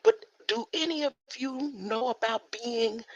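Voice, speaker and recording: A woman's voice: on the high side, measured pace, no room sound, dull audio. A woman giving casual commentary on videos, asking rhetorical questions. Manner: animated, rhetorical "huh?" asides, laughs often.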